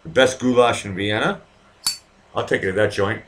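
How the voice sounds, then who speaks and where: A man with a slightly low voice and a faint Boston accent talks casually to his live stream viewers. He rambles, curses freely and speaks straight to individual viewers. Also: normal speed, fairly bright tone, slight background noise. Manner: rambling, profane, chatty with viewers. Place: home in Vienna.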